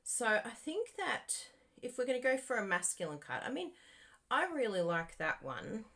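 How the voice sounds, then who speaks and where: A woman's voice: mid-range voice, sing-song, normal speed, a bit bright. A woman demonstrating card-making live, chatting and thinking aloud as she works and talking straight to her viewers. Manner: talks to viewers directly. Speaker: crafting demonstrator.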